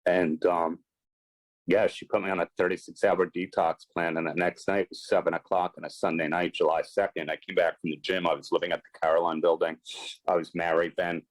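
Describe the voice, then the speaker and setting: A man's voice: deep voice, little pitch movement, a little fast, no echo, rough recording. A man, a podcast guest, earnestly telling a personal story in conversation, acting out quoted dialogue with emphasis. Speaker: podcast guest, sports and celebrity agent.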